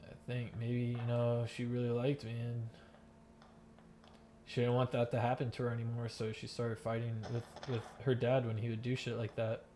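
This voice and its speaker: A man's voice: medium pitch, completely flat delivery, normal speed, dark tone, a little hiss or hum. A young man from the Miami area telling a long personal story in game voice chat, rambling and emotional, swearing often with many fillers and restarts. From Miami area, United States. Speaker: gamer in voice chat, active soldier. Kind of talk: casual storytelling during gameplay.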